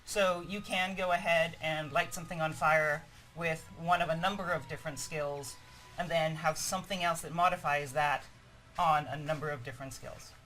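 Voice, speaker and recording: A hoarse woman presenting a live game demo stream, explaining features in an upbeat way. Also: deep voice, fairly even intonation, normal speed, fairly bright tone, faint music behind, low-quality recording.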